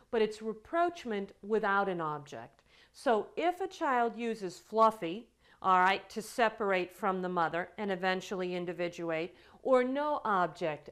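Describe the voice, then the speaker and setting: A woman lecturing a class on child development, telling examples with animated quoted dialogue. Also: medium pitch. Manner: storytelling with acted quotes, animated delivery.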